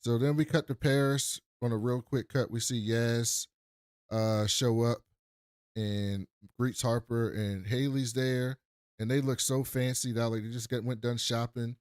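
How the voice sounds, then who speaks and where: Animated man recapping a tv show. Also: mid-range voice, measured pace, clear, resonant tone, dry recording, studio quality. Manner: animated, acts out characters' lines in voices. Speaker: podcast co-host. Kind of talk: casual recap chat.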